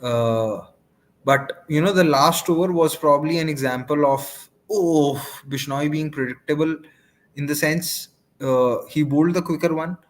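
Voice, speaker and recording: A man giving measured, explanatory cricket analysis on a live watchalong. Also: fairly high pitch.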